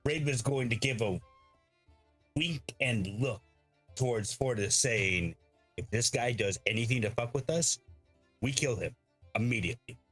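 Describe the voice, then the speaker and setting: A man with a mid-range voice describing his character in a tabletop game, pausing often to find his words. Faint music plays behind him. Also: medium pitch, fairly bright tone, breathy edge. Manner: halting, searching for words. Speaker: player.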